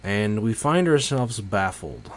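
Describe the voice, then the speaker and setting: A man delivering a slow, pensive spoken monologue with long pauses. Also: lowish voice, big pitch swings.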